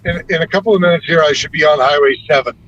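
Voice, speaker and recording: A man co-hosting a podcast, talking in a laid-back way over a call while driving on a highway. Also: racing, fairly bright tone. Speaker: podcast co-host. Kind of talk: casual chat while driving. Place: in a moving vehicle on a highway. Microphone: phone or internet call from a car. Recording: dull lo-fi call with road noise.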